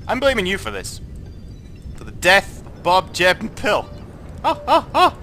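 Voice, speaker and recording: A young Scottish man commentating on his own gameplay, tipsy, sweary and jokey, swinging between muttering and excited shouting. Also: high voice, moderate pace, faint music behind. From Scotland. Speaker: gaming YouTuber.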